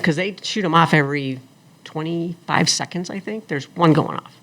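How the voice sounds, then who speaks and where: A middle-aged woman telling her story as an interview guest, animated and acting out the people she quotes. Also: deep voice, moderate pace. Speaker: guest, attorney and former engineer.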